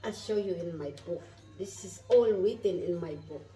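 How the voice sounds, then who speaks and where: A woman's voice: lowish voice, normal speed, mellow, echoey room, distant mic, faint music behind, rough recording. Effusive woman talking from afar. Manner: effusive, repeats questions to viewers. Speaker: vlogger. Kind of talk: spiritual travel vlog. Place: inside a moving car.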